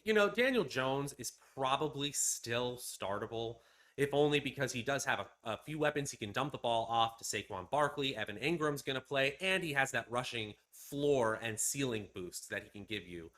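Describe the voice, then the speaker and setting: A male fantasy football analyst who talks through matchups in a measured, chatty way. His voice has a bright, forward edge at an ordinary male pitch. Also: animated. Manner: analytical, measured, with fillers like "uh" and "you know". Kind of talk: casual sports analysis chat.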